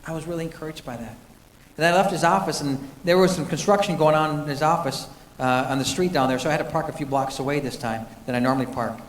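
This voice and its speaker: A man's voice: fairly high pitch, quick pace. A man sharing a personal faith testimony, telling it earnestly with frequent restarts. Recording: echoey hall from a distance.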